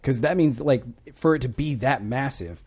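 A man's voice: medium pitch, moderate pace, darkish tone, breathy edge. A man co-hosting a casual movie podcast, thoughtfully sharing details and trivia. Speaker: podcast co-host.

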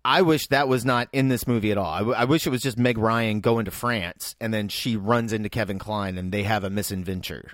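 A man's voice: fairly low pitch, a little fast, hardly any pauses, fairly bright tone, no room sound, clean studio sound. A man co-hosting a casual film chat, blunt and opinionated, swearing casually. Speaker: podcast co-host.

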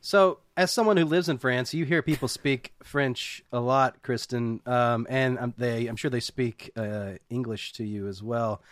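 A man co-hosting a casual film chat, enthusiastic and quick to stumble over his words. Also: medium pitch, no echo, studio quality. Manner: enthusiastic, animated, stumbles and restarts. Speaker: podcast co-host.

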